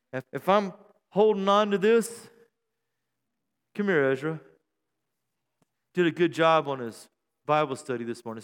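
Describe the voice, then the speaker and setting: A middle-aged male pastor preaching a sermon on a church stage mic, joking and self-deprecating, then building to shouted praise. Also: fairly high pitch, clear, resonant tone. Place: church sanctuary. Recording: long hall reverb in a church.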